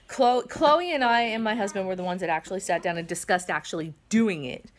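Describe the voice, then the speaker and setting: A middle-aged woman hosts a home vlog, speaking to the camera at a medium pitch and a fairly quick pace. Her talk is casual and heartfelt but earnest and rambling, emotional and a bit shaky, full of fillers and restarts. She's at the family home with kids around.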